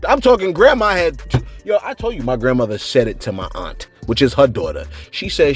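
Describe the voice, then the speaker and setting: A man's voice: wildly swooping pitch, brisk, soft background music. A man hosting a celebrity gossip show, talking loosely and jokingly to camera and acting out other people's voices. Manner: loud, joking, acts out voices with big swings in pitch. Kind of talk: animated commentary to camera.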